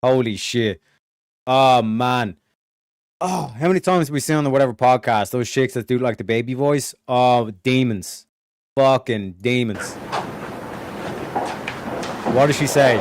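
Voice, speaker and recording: A man giving a casual reaction commentary on a show clip, excitable and profane, laughing often and swinging between loud outbursts and hushed remarks. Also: medium pitch, measured pace, long pauses, background noise.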